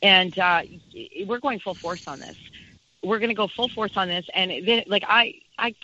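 A woman's voice: mid-range voice, normal speed, sharp tone, lo-fi sound, slight background noise. A woman speaking as a campaign organizer, talking with passion and emphasis and repeating her key phrases. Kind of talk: impassioned interview talk.

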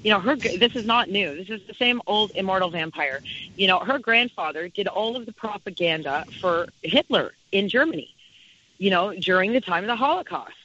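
Intense, bright-voiced woman guest. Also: mid-range voice, lively intonation, moderate pace, muffled recording, slight background noise. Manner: emphatic, repeats key phrases. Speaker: campaign organizer, guest. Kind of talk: impassioned interview talk.

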